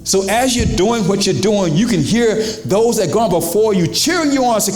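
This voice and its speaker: A man's voice: high-pitched, expressive, moderate pace, hardly any pauses, darkish tone, reverberant, faint music behind. A pastor preaching to his congregation in a church, in a conversational style with questions to the crowd and quoted voices. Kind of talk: sermon. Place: church sanctuary.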